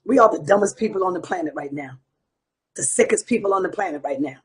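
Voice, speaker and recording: A man hosting his online show delivers a combative, profanity-laced rant at his audience. His voice sits fairly high for a man and is rough and very husky. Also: expressive, fast talker. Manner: profane, combative, preaching to viewers. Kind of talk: heated ranting monologue.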